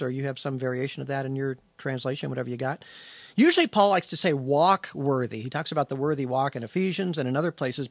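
A man's voice: fairly high pitch, no echo. A man teaching a verse-by-verse Bible lesson in a conversational, emphatic way, stressing key words as he explains the text.

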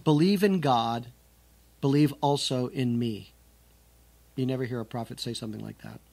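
A man's voice: medium pitch, moderate pace, creaky, darkish tone. A man teaching scripture, reading the verses aloud with strong emphasis and then explaining them in a conversational way. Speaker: Bible teacher.

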